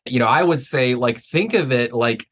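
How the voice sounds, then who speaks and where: A man's voice: mid-range voice, normal speed, a bit bright. A man talking as a guest on a business podcast, chatty and loose, full of "like" and "you know". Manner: casual, lots of "like" and "you know". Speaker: guest, wealth manager. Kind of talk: casual interview.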